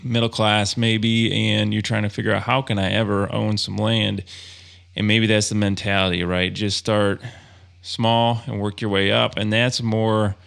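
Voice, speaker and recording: A man's voice: on the low side, flat delivery, measured pace, gravelly, a bit bright. A man hosting a podcast interview, talking casually and thinking aloud with plenty of fillers. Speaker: podcast host.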